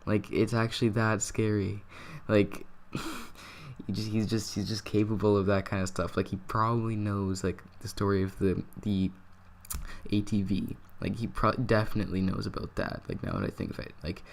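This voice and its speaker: A young vlogger tells a personal story in a casual, rambling style, swearing freely and putting "like" in nearly every phrase. His voice is fairly low, level and creaky, at a moderate pace.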